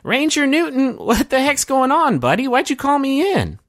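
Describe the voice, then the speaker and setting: A man plays a nosy, folksy woman ranger who pelts people with questions in a bright drawl. Her voice sits far above a man's usual low range. It is a lighthearted tabletop-game character voice. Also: wildly swooping pitch, no room sound, clean studio sound, full character voice. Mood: puzzled. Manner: breezy drawl, rapid-fire questions.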